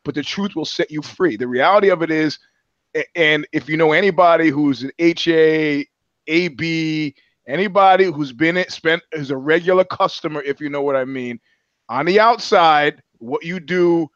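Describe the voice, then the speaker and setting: A man riffs through a casual comedy podcast in a slightly higher-than-usual voice, rambling and swearing, tripping over restarts as he goes. The sound is dry and close, but dull and lo-fi. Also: normal speed, fairly bright tone, no echo. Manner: rambling, profane, full of restarts and put-on voices. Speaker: podcast co-host.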